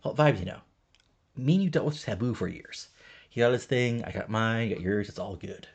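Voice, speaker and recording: Brief: mellow surfer-type wrestler, husky and low, voiced by a man. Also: lively intonation, fairly quick. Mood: laid-back. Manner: easygoing, drawling, says man and bro. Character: laid-back surfer-type male wrestler.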